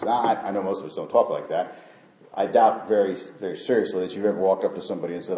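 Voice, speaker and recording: A male pastor delivers an earnest sermon in a low, mellow voice. He builds his points up to emphatic peaks. The sound rings around an echoey church sanctuary. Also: quick pace.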